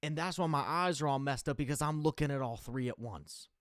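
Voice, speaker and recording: Man, young adult, casual comedic monologue, rambling, smooth voice, dry close sound. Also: medium pitch, fairly quick, dry recording. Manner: laid-back, rambling, animated when recounting. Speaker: comedy podcast host.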